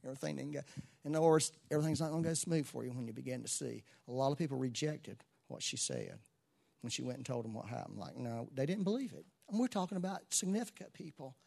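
A man preaching a sermon to a church congregation, moving between soft asides and loud exclamations. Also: mid-range voice, big pitch swings, fast talker, creaky. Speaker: pastor.

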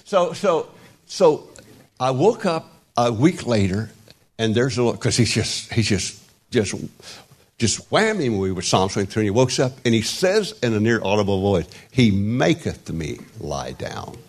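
A man in his sixties preaching an informal sermon, rambling and halting with many restarts and wry self-deprecating humor. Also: mid-range voice, very animated. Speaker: pastor.

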